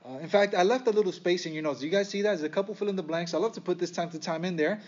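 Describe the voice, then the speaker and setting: A man preaching a sermon to a congregation, animated and full of rhetorical questions and sarcastic asides. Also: high-pitched, racing, lo-fi sound. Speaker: pastor.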